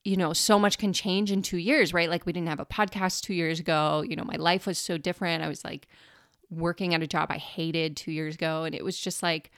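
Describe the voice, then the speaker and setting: A woman's voice: on the low side, fairly even intonation, a little fast, fairly bright tone, no echo, clean studio sound. A woman co-hosting a podcast as an energy healer, telling stories in casual chat with lots of filler words. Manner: chatty, filler-heavy storytelling.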